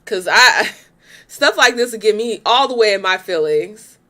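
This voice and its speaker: A woman's voice: mid-range voice, expressive, unhurried, pushed and bright. A young woman hosting a reaction video, talking bluntly and with exasperation, cursing freely and laughing often while she comments. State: pregnant.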